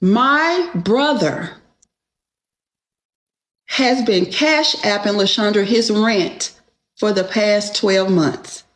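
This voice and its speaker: A woman's voice: mid-range voice, very slow, long pauses. A woman telling a story in a casual, emphatic rant and checking in with the listener again and again. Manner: emphatic, keeps asking "okay?". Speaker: storyteller venting to viewers. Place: airport. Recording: echoey room sound.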